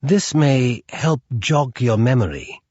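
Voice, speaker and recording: A man voicing a cruel German female assassin in an audiobook, slow, purring and menacing. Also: mid-range voice, lively intonation, a little mellow, slightly rough, no room sound, highs cut off. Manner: slow, menacing, sweetly threatening.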